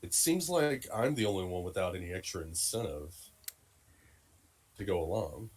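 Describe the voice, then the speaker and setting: A man's voice: sits low, animated, moderate pace, husky. A man playing a tabletop game, speaking casually and playfully in character. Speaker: player.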